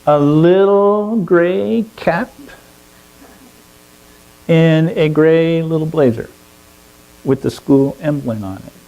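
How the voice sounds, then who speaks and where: A man telling a long story to a fellowship gathering in an animated way, often chuckling. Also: on the high side, slow pace, long pauses, rough recording. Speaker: speaker at a fellowship service. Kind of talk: storytelling sermon.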